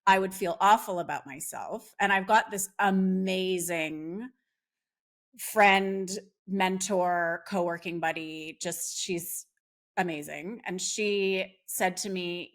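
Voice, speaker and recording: A woman's voice: fairly low pitch, slow. A woman speaking as a podcast guest, talking earnestly with frequent fillers and restarts. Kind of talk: casual conversation.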